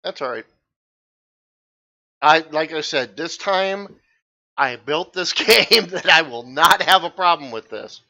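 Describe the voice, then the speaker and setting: A man's voice: a little high, lively intonation, takes it slowly, long pauses, sharp tone. A man in charge as game master, chatting casually and rambling with restarts during an online session.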